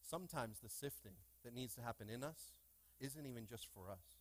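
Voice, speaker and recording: A man preaching a lively sermon in a church, with call-and-response and playful asides to the congregation. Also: medium pitch, moderate pace. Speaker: pastor. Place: church sanctuary.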